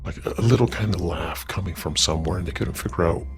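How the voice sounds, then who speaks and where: Deep-voiced man telling a spooky story. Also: fast, music in the background. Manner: loose and conversational, with fillers and restarts. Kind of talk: casual paranormal story narration.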